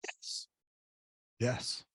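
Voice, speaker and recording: A man's voice: extremely slow, no echo, clean studio sound. A middle-aged man, a podcast guest, tells a personal story earnestly in casual chat, often restarting his sentences. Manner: earnest storytelling with many repeated starts. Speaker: podcast guest, author and coach.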